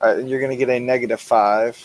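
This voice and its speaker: Man, game master, matter-of-fact, middle pitch. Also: fairly even intonation, rapid-fire, low-quality recording. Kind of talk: ruling on dice rolls.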